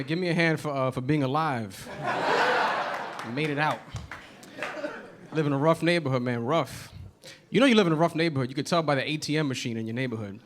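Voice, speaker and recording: A man from the Bronx performing a conversational stand-up set in a comedy club. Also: fairly high pitch. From the Bronx, New York. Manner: conversational, keeps asking "you know what I mean". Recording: noisy club, audience laughter.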